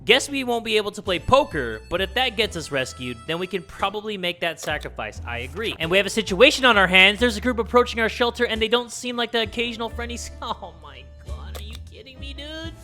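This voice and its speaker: A young man casually commenting on a survival game, reading its text aloud and yelling at it. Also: high voice, fast, few pauses, soft background music. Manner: loud, excitable, yells and swears at the game. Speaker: gaming YouTuber. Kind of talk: let's play commentary.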